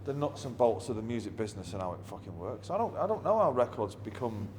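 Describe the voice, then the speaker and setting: Middle-aged Mancunian musician, blunt and sweary, mid-pitched, recorded with a long reverb tail and faint ambient hiss. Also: male voice, big pitch swings, quick pace, darkish tone. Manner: blunt, heavy swearing, wry. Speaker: musician being interviewed. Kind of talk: anecdotal interview storytelling.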